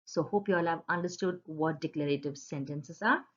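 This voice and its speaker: A woman's voice: low voice, fairly quick. A woman teacher giving an online grammar lesson to children, in a patient, sing-song teaching voice. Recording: dull lo-fi sound.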